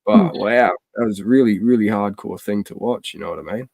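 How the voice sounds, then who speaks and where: A man hosting a casual chat, excitable and slangy, swearing often. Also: fairly low pitch, brisk, gravelly, no echo.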